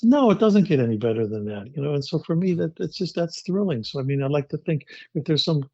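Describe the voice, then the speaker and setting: An older man being interviewed as a guest actor, telling stories in an animated way, acting out the quotes and often repeating words. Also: a little high, fast talker, dry recording. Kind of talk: casual interview storytelling. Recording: dry, slightly muffled podcast audio.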